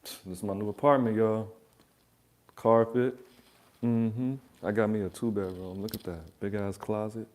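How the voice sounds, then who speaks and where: Man, reaction host, low-pitched, mellow, blunt casual monologue, swears a lot, joking advice. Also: fairly even intonation, unhurried. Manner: profane, rambling, joking advice. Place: his apartment.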